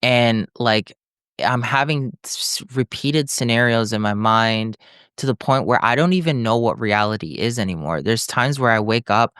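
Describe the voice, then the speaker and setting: Smooth-voiced man telling a story. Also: mid-range voice, moderate pace, dry recording, clean studio sound. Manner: animated storytelling, acting out other people's lines, frequent "like". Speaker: podcast guest. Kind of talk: storytelling in conversation.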